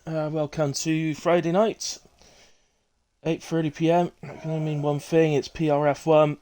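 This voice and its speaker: A man's voice: fairly high pitch, little pitch movement, normal speed, mellow. A man with a Bristol accent casually commentating a sim racing league on a live stream, chatty and rambling with ums and self-corrections. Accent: Bristolian English.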